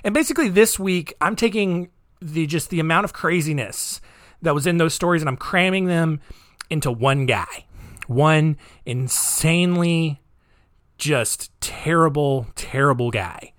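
A man hosting a podcast, telling a dark story in a casual, rambling, joking way with many fillers. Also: fairly high pitch, a little slow, no echo, clean studio sound. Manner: rambling, jokey, lots of fillers. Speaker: podcast host.

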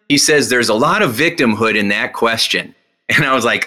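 A man guest, a hypnotist and speaker, telling lively stories and acting out what people said to him. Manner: energetic, acts out quoted dialogue with big pitch jumps; slow, guided instruction when teaching the breathing exercise. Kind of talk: animated storytelling in an interview.

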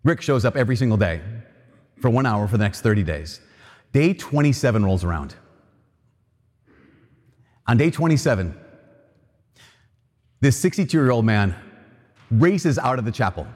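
A man's voice: medium pitch, very animated, moderate pace, long pauses, darkish tone, slightly rough. A man preaching a sermon, telling a story and then making an earnest appeal with emphatic repetition. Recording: long reverb of a large hall.

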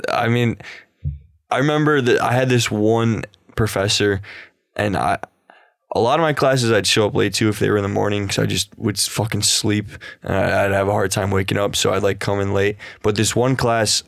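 A man's voice: fairly low pitch, moderate pace, vocal fry, dry recording, studio quality. A young man telling crude stories in casual chat, rambling and filling his talk with "like" and "dude". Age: young adult.

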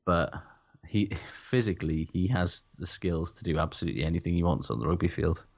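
Casting note: very low male voice, loose and profane banter, dull lo-fi recording. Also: fairly quick, vocal fry. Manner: laughs often, swears freely. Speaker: podcast co-host. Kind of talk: casual sports chat. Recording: dull lo-fi sound.

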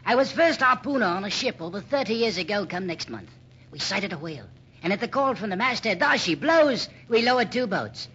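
A man's voice: high voice, big pitch swings, brisk, bright, forceful tone, a little hiss or hum, full character voice. An actor playing an old one-legged whaling sailor who talks in salty seaman's slang in a radio drama, from a dull old radio recording. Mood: spinning yarns. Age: older. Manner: salty sailor's talk, dropped grammar.

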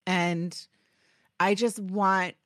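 A woman hosting a podcast, talking in a halting, heartfelt way with many pauses and ums as she gets emotional. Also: fairly low pitch, little pitch movement, a bit bright, no room sound, studio quality. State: getting emotional. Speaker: podcast host.

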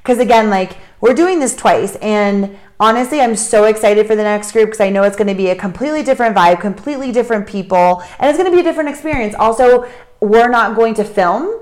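A woman's voice: on the high side, expressive, quick pace, darkish tone. Chatty woman hosting a casual podcast. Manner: chatty and openly emotional. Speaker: podcast co-host and hiking trip leader. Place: Cusco, Peru.

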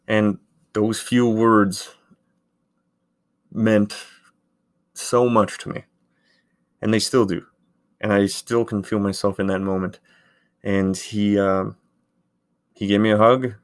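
A man in his thirties who hosts a podcast, telling a story in a casual, rambling way with lots of filler words. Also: fairly low pitch. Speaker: podcast host, handball goalkeeper.

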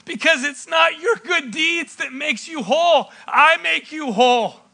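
A man voicing a loving father, speaking to his son with tender, pleading warmth. The voice is high and very bright, gentle but insistent. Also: measured pace, gravelly, full character voice.

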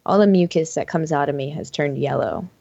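A woman's voice: low-pitched, a little fast, vocal fry, warm tone, no room sound. A woman co-hosting a podcast, chatty and blunt, recovering from the flu. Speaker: podcast co-host. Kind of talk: casual podcast chat. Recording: dull lo-fi sound.

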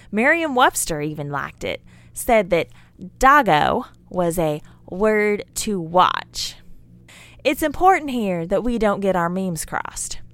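A woman's voice: mid-range voice, fairly bright tone, no room sound. A woman playing a folksy, chatty character who rambles and scolds her listener as she lectures him about memes. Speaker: character in an audio drama monologue. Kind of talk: scripted character monologue.

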